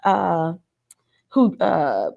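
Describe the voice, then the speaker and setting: A woman's voice: lowish voice, big pitch swings, drawn-out words, vocal fry, darkish tone, muffled recording. A woman co-hosting a live fan discussion, chatting casually and reading out viewer messages and thanks. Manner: reads super chats, thanks viewers. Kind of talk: casual live-stream chat.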